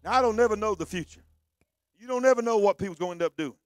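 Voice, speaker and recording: A man preaching a sermon, swinging from low conversational talk to shouted, sung preaching. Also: rapid-fire, no echo, clean studio sound, soft background music.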